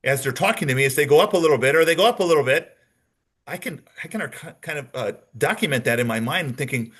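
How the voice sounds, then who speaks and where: This man's voice runs on the high side, fast and expressive, with a fairly bright, slightly rough tone. He is giving a training lecture on detecting lies, explaining each step, repeating the main points and performing example answers.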